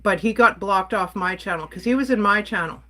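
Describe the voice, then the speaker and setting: A woman's voice: medium pitch, fairly quick, fairly bright tone. A woman from Canada ranting on a casual livestream, exasperated and blunt while she reads and answers her chat. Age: adult.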